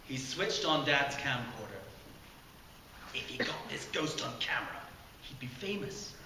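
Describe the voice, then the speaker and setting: A man reading from his own novel at a launch party, expressive and chuckling at his own jokes. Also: mid-range voice, slight background noise. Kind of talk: animated reading aloud of a novel. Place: community center room at a launch party. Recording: echoey community center room.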